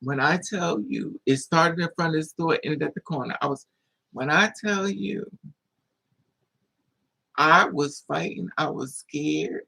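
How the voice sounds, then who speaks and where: A vlogger telling a story casually to camera in an animated way, acting out the other people's voices with high squeals. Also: measured pace, vocal fry, pauses often, slightly rough.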